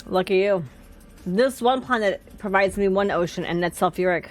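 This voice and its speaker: A woman's voice: medium pitch, moderate pace, faint music behind. A young woman streaming a game live, chatting casually and talking to herself, laughing often and sounding tired. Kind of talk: casual live-stream chat while playing.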